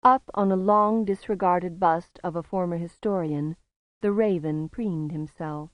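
A woman reads a fantasy audiobook in a calm, measured voice. Her voice sits slightly low and moves slowly. The sound is dry and close. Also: no room sound, muffled recording. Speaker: narrator. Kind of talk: audiobook narration.

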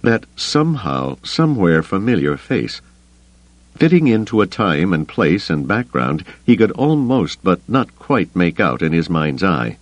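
Audiobook: low male narrator with animated, suspenseful reading and a dry, close sound. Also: a little slow, few pauses, no echo, rough recording. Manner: expressive, suspenseful. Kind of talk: scripted narration.

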